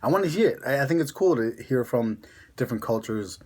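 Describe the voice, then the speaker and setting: A man's voice: mid-range voice, lively intonation, fast talker, a little mellow, husky. A young man with a Connecticut accent chatting casually to camera as a vlogger, rambling with lots of fillers. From Connecticut, USA.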